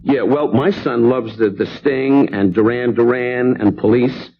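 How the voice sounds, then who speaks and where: A man in his fifties, a comedian guest on a talk show, rattling off insult jokes with mock sincerity. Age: 50s. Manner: rapid insult jokes, mock sincerity, high put-on voices in quotes. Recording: muffled old TV broadcast with hiss.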